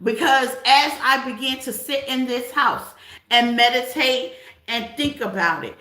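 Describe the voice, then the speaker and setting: A woman gives a spiritual tarot reading in a high, bright voice. She talks in a loose, chatty way and keeps asking "okay?" The room around her is echoey. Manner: conversational, chatty, repeats "okay?" often. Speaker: tarot reader.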